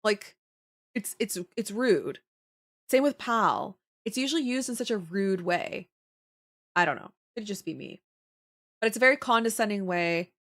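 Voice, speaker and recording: A young adult woman, chatting casually with her live viewers. She talks in an animated way, laughs often and answers viewer comments as they come in. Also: mid-range voice, moderate pace, pauses often. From Canada. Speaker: livestreamer.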